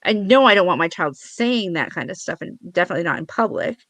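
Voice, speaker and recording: A middle-aged woman, a podcast guest, who talks in a relaxed, easygoing way and laughs often while swapping parenting stories. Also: lowish voice, quick pace, no echo. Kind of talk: casual chat.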